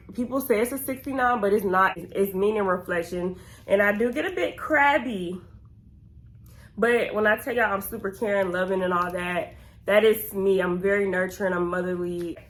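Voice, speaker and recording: A woman's voice: mid-range voice, normal speed. A young woman. She chats candidly and casually to her viewers, answering questions about herself with plenty of slang. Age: 20s. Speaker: vlogger. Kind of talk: casual get-to-know-me Q&A.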